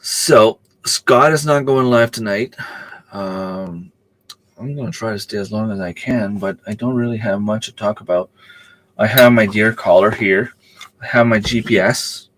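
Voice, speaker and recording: A man's voice: fairly low pitch, unhurried, fairly bright tone, no room sound. A man hosting a casual live stream, rambling in a chatty way and answering viewer comments as he goes.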